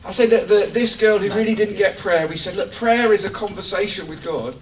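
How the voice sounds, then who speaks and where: Man, preacher, lively joking sermon, faint room hum, distant mic. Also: high voice, brisk. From England. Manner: animated, joking, rising excitement. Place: church hall. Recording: echoey church hall from far off.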